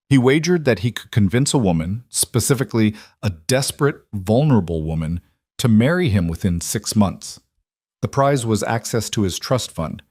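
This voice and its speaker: A man voicing a commanding middle-aged mafia boss who speaks with calm, measured authority in a deep voice. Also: dry recording, studio quality.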